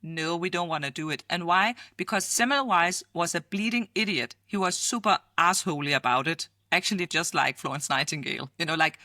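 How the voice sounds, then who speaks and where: A woman futurist guest from Denmark, telling lively stories and acting out quotes with frequent laughter. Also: lowish voice, fairly quick, hardly any pauses, no room sound, clean studio sound. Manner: animated storyteller, acts out quotes, laughs often. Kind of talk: storytelling in conversation.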